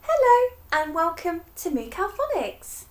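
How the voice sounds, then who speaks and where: A woman's voice: very high-pitched, wildly swooping pitch, measured pace, noisy background. A young woman hosting a children's phonics lesson, cheerful and encouraging, laughing often. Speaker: phonics teacher and host.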